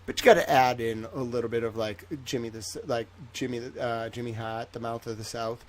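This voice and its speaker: A man's voice: medium pitch, level tone, fairly quick. Rambling, jokey man hosting a livestream. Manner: rambling, jokey, swings between loud and soft. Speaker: livestream host. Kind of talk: casual livestream chat.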